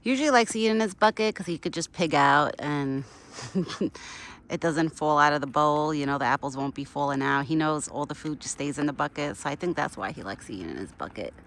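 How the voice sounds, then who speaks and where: A woman's voice: low-pitched, expressive, brisk, fairly bright tone. A woman vlogging outdoors while feeding a deer, chatty and bubbly, laughing often and a little out of breath. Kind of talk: casual outdoor vlog. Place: outdoors in a yard.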